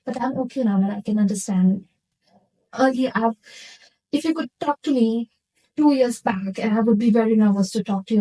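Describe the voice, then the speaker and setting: A woman's voice: on the high side, normal speed, mellow, low-quality recording. A woman from India, a nurse interviewing a guest and earnestly reflecting on her own experiences. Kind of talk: casual interview chat.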